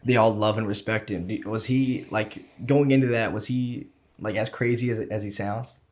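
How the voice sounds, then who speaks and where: A man's voice: on the low side, steady tone, normal speed. A young man hosting a sports podcast, asking his questions in a casual, rambling way full of fillers. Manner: asks questions with many fillers and restarts. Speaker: podcast host. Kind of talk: casual interview chat.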